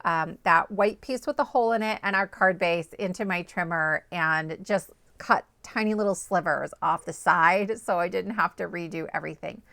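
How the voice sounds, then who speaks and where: A woman's voice: lowish voice, moderate pace, creaky, few pauses, sharp tone, dry recording. A woman host walking viewers through a card-making project, chatty and upbeat, often checking in with "okay?" and "right?". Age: adult, parent of small children. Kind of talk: step-by-step crafting tutorial.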